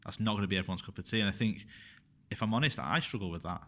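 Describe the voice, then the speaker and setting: A man with a low voice, a guest on a casual podcast. He speaks openly and with feeling, hammering his points home by repeating them. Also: racing. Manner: frank, animated, repeats phrases for emphasis. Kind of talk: casual conversational interview.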